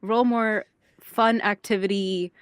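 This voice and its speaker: Slow, halting woman in a tabletop game. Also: medium pitch, fairly even intonation, smooth, no room sound, studio quality. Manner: slow, halting, searching for words. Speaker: player. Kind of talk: describing a character in a tabletop game.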